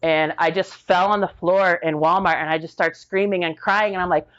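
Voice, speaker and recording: A middle-aged woman veteran telling stories casually in an interview, animated and slangy, acting out the voices of the people she quotes. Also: on the low side, normal speed, lo-fi sound. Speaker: military veteran guest.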